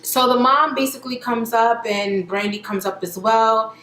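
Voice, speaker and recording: A woman's voice: on the high side, moderate pace, a bit bright, reverberant, a little hiss or hum. A woman casually recapping a reality TV episode, chatting and quoting the cast as she goes. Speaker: reality TV reviewer.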